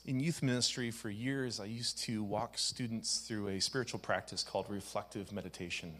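A man, a pastor, leading a congregation through a gentle guided meditation with easy fillers. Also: lowish voice, fairly even intonation, normal speed. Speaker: youth pastor.

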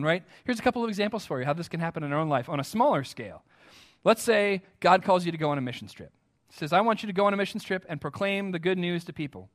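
A man with an American accent delivering a sermon in a fairly high voice. He preaches earnestly and with emphasis, often turning to his listeners with direct questions. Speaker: pastor.

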